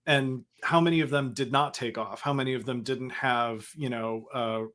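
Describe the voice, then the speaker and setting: Podcast co-host, male, mid-pitched, wry commentary, casual chat. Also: steady tone, fairly bright tone. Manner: agreeable, quick to laugh, wry commentary.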